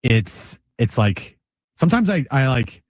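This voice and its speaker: A man co-hosting a sports talk show, telling relaxed stories in casual chat. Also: mid-range voice, unhurried, no room sound.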